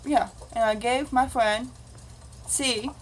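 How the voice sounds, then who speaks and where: Slow-talking woman telling a rambling story. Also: a little high, steady tone, slight background noise, poor audio. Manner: rambling, acts out quoted dialogue. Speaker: vlogger. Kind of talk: casual confessional storytelling.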